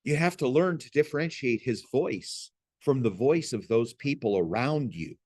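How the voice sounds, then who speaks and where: A man with a mid-pitched voice gives a spoken faith lesson in an earnest, pastoral way, reaching for homely examples. The sound is dry and close, with no room echo. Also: lively intonation, moderate pace, darkish tone. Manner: earnest, pastoral, folksy illustrations. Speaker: Christian teacher. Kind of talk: gentle spoken teaching.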